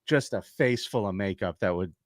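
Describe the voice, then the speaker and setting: A man's voice: on the low side, moderate pace, dry recording. Profane storytelling comedian man, dry close mic. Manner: profane, animated storyteller who acts out quotes. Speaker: podcast co-host and comedian. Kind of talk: casual comedy podcast chat.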